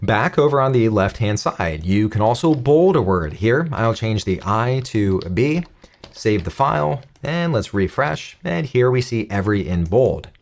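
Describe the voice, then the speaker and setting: A man giving a calm, step-by-step screen-recorded coding tutorial. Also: lowish voice, a little slow. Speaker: coding instructor.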